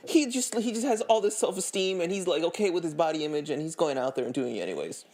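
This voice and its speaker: A man's voice: fairly high pitch, expressive, fast, darkish tone. A man co-hosting a podcast, chiming in during casual chat with short, dry remarks and plain opinions. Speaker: podcast co-host.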